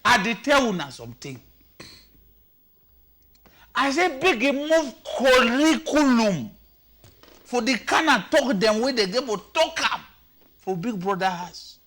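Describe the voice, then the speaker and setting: Animated high-voiced Cameroonian man. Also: a little slow, long pauses. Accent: Cameroonian Pidgin English. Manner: animated, shouting, switching between languages. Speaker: comedy commentator. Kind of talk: comic commentary.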